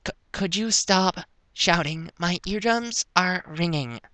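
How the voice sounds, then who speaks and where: A dazed young filly pony from a storybook reading, speaking in halting, groggy bursts, as a man puts her on. The voice sits well above a man's normal pitch and sounds very bright. The recording is dry. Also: dry recording, full character voice.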